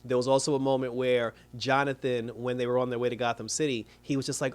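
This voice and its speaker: A man's voice: mid-range voice, steady tone, very fast, few pauses. A man giving a casual, rambling spoiler review, laughing often and acting out characters' lines.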